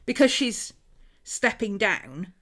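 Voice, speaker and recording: A woman's voice: medium pitch, very animated, slow pace, fairly bright tone. A woman hosting a casual craft livestream at home, rambling chattily with frequent laughs and asides while she paints. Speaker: host.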